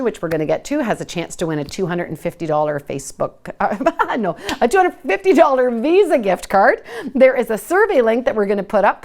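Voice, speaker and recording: A middle-aged woman giving a live parenting talk as host, lively and at times sing-song when she shows how to talk to kids. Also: medium pitch. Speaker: parenting educator hosting a live session.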